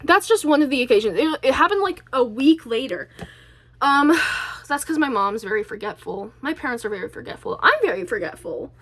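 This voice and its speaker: A woman's voice: high voice, expressive, a little fast, a bit bright. A woman vlogger talking in a chatty, rambling way, with a stutter and many restarts. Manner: chatty, rambling, self-deprecating. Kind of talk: casual rambling monologue.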